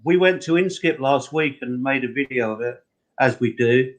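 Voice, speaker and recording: A man's voice: mid-range voice, moderate pace. A man joining a casual group chat over a video call, laid-back and wry. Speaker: guest.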